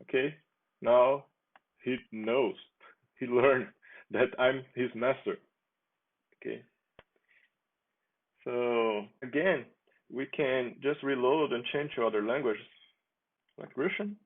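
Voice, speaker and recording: Male developer, casual screen-demo delivery, unhurried and creaky, thin lo-fi phone-like audio. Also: medium pitch. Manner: relaxed, chatty, with frequent restarts and small laughs. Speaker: software developer demoing his app. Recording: tinny phone-like sound.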